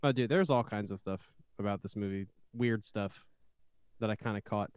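A man's voice: fairly low pitch, moderate pace, a little mellow, smooth, no room sound, lo-fi sound. A man co-hosting a casual film podcast, rambling loosely and laughing often. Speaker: podcast co-host.

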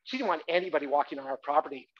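Heard in a dull, lo-fi live recording, a man delivers an animated autobiographical comedy monologue in a theatre, urging the crowd to take part. His fairly high, husky voice comes out rapid-fire, breaking now and then into loud shouts.

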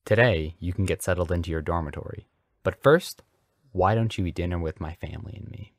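A man's voice: brisk, no echo, studio quality. A man voicing a genial male Southern preacher who runs a school, with a folksy Southern accent. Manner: warm, booming, folksy.

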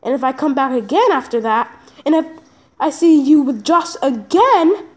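A performer voicing a stern, angry dad who lectures slowly and threatens in a homemade puppet movie. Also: expressive, darkish tone. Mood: scolding. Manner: booming, threatening, slow lecturing.

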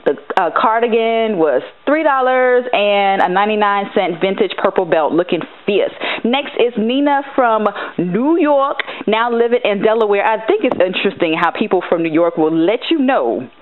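A sassy, animated woman chatting to viewers as a fashion vlogger. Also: medium pitch, normal speed, hardly any pauses. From United States. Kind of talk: casual chat over photo slideshow. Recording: tinny phone-like audio.

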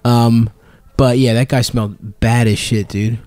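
A man's voice: mid-range voice, fairly even intonation, measured pace, a little mellow, no echo. A young man co-hosting a podcast, telling blunt, profane stories in casual comedic chat. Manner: profane, blunt storytelling with laughs mid-sentence. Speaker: podcast co-host.

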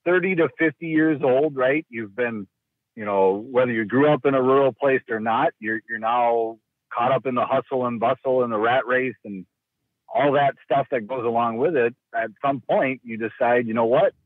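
A man's voice: medium pitch, moderate pace, no room sound. A man from Minnesota, a guest in a casual interview, hesitant with many restarts and fillers. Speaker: guest, county rural initiative coordinator. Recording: tinny phone-like line.

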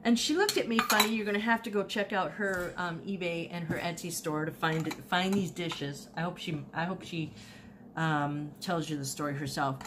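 Woman, low voice, chatty, animated, repeats herself, faint background noise. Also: moderate pace. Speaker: online reseller showing thrift finds. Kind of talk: casual haul video chat.

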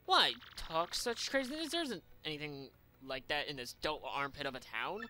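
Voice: medium pitch, expressive, moderate pace, sharp tone, a little hiss or hum. A gamer voicing a vain, dramatic rich merchant man in a put-on Spanish accent, reading game dialogue in a pompous, theatrical manner.

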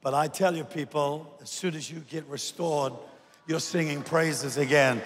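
A man preaching a sermon, moving between hushed storytelling and loud, shouted exhortation. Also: a little high, steady tone, a little slow, slight background noise. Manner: swings from soft sung phrases to loud shouted exhortation. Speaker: guest preacher. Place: large church auditorium. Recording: echoey hall reverb from a church stage.

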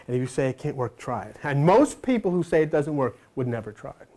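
A male preacher delivering a loose, conversational sermon, his voice leaping up and down in pitch. He tells stories with gusto, slipping into quoted characters and even croaking like a frog. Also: quick pace, few pauses. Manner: animated, folksy storytelling with sudden pitch swings. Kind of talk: informal sermon.

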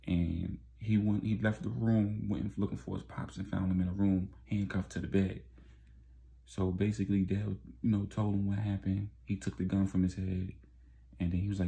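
A man casually recaps a street story in loose, slangy talk full of fillers. His voice is low, dark and heavily gravelly, and he keeps a relaxed flow. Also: moderate pace.

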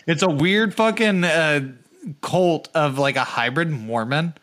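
A man's voice: a little high, measured pace, fairly bright tone. A young man co-hosting a podcast, cracking crude, profane jokes in casual banter. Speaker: podcast co-host.

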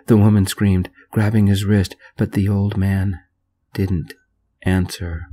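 A man telling a story in a gentle, soft-spoken reading voice. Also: on the low side, little pitch movement, slow.

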